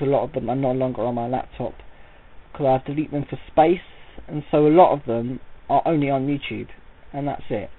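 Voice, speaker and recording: A man's voice: medium pitch, husky. A man rambling through an audio-only vlog, working himself up into an indignant rant. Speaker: vlogger. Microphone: voice recorded without camera. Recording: tinny, phone-like lo-fi audio.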